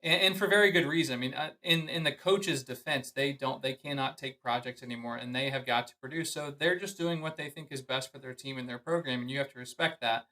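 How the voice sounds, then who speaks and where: Bright-voiced male golf coach. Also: medium pitch, brisk, hardly any pauses, poor audio. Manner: earnest, emphatic advice with frequent "I mean" and "you know". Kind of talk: podcast conversation.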